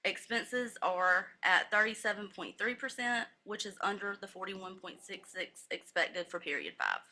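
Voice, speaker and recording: Brief: woman finance officer, bright voice, methodical reading of numbers at a public meeting. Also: medium pitch, moderate pace. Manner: methodical, steady recital of figures with brief self-corrections. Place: county commissioners' meeting room.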